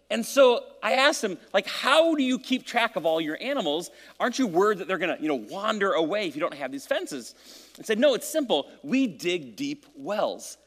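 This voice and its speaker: Guy pastor preaching at church, kinda high voice, big echoey hall sound, joking around then praying. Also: a bit bright. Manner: casual and joking, then reading scripture and praying. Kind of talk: sermon. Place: church sanctuary.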